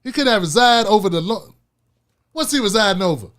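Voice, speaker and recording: A man hosting a political commentary show, talking in an animated, casual and repetitive way. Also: high voice, fairly quick. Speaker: host.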